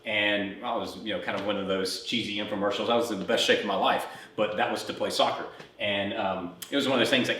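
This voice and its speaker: A man's voice: on the low side, slight background noise. Chatty man in his forties, roomy echo. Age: 40s. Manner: chatty, rambling, animated when retelling. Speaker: fitness podcast host. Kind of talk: casual storytelling while coaching a workout. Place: gym. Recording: roomy echo, mic at a distance.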